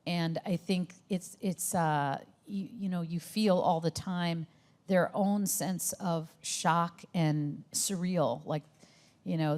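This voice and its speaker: A woman's voice: fairly low pitch, fairly even intonation, takes it slowly, darkish tone. A woman film director answering interview questions, speaking thoughtfully with frequent fillers and restarts. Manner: thoughtful, hesitant with many fillers. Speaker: documentary director. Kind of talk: interview conversation.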